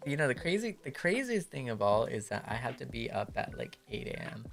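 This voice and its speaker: A playful young man chatting on a stream who laughs easily and mixes two languages. His delivery is lively and swinging, with a slightly gravelly texture and quiet music in the background. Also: medium pitch, a little fast. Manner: playful, laughs often, switches between English and Japanese. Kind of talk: casual chat stream.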